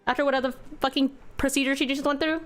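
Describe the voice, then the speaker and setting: A woman's voice: high voice, steady tone, fast talker, fairly bright tone. A woman streamer reacting to a story game, swearing heavily in emotional outbursts and reading the story text aloud.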